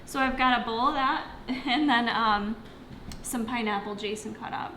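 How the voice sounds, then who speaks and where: A young woman fitness coach, her voice on the high side, pushed and bright, talks at a normal speed with slight background noise. Eating near the kitchen at home, she casually fields livestream questions with plenty of fillers, and the room is echoey.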